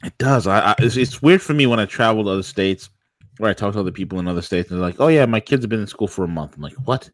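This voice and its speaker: A man's voice: on the low side, animated, quick pace, no room sound. A man hosting a casual morning talk show, playful and hypey, rambling with restarts. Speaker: show host.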